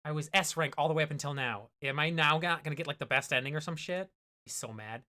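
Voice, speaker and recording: A woman's voice: low voice, quick pace, pushed and bright. A woman streamer giving frank, casual commentary while playing a game, swearing freely.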